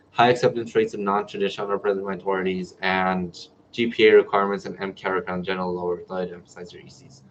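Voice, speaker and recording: With a low-leaning voice and a little hiss or hum in the background, a twentysomething New Mexico man runs a laid-back livestream Q&A. He's a medical student, reading out viewer comments and answering them chattily over dull, lo-fi audio.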